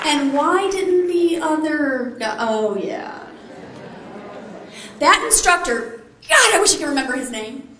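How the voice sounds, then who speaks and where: A woman giving a motivational keynote, telling a personal story to a live audience with animated, playful delivery and acted-out quotes. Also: sits high, slow pace, long pauses, roomy sound, distant mic, noisy background. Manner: animated, acts out quotes, jokes with the crowd. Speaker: motivational speaker.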